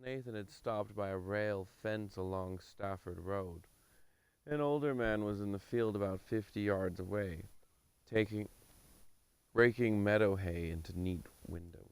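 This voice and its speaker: Smooth, low-voiced man reading aloud. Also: unhurried, no echo. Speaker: livestream book reader. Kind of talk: reading a novel aloud on a livestream.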